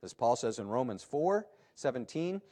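Preaching at a normal speed, this medium-pitched pastor is emphatic and lively. His sermon lurches between sudden highs and lows.

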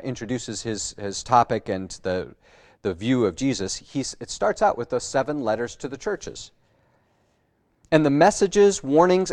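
A man, a pastor, preaching a sermon in a conversational way, often pausing on "uh" and restarting phrases. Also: medium pitch. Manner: conversational, with frequent "uh" fillers and restarts.

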